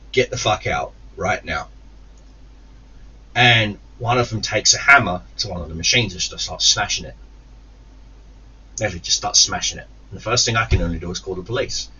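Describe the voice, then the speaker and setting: A gaming YouTuber casually tells his channel a long, profane story, acting out the people in it with quoted lines. His voice sits low, fairly quick and husky, and the recording sounds slightly distant, dull and lo-fi.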